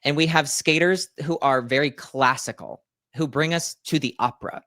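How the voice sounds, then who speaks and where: A man in his thirties co-hosting a podcast, telling stories in an animated, playful way with acted-out asides. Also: a little high, moderate pace, no room sound, studio quality. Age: 30s. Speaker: podcast co-host. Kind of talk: casual chat.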